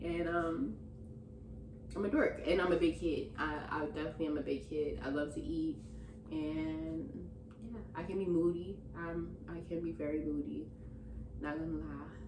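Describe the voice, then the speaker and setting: A young woman chatting casually in a vlog Q&A, relaxed and slangy, in a room full of stuffed animals. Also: sits low, background noise. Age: young adult. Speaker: vlogger. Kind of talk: casual Q&A chat. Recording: roomy echo.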